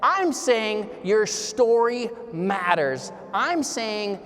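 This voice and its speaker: A man's voice: high-pitched, sing-song, very slow, fairly bright tone. A man giving a motivational keynote speech, telling personal stories and putting questions to a live audience. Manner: storytelling, addresses audience with questions. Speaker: keynote speaker. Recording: long hall reverb.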